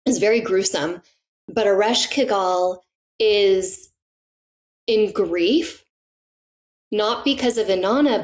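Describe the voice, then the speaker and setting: Middle-aged woman, podcast guest, animated, eager storyteller. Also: mid-range voice. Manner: enthusiastic, animated, laughs often. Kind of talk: casual storytelling in conversation.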